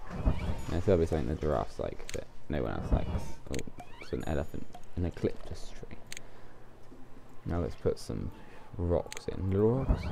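A man's voice: sits low, gravelly, background noise. A man giving casual commentary while he plays a game, thinking aloud as he goes. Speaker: let's play gamer.

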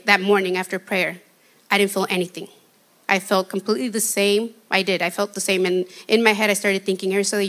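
A shy woman giving a personal testimony, retelling her story in an earnest, halting, conversational way. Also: medium pitch, fairly bright tone. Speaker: testimony guest.

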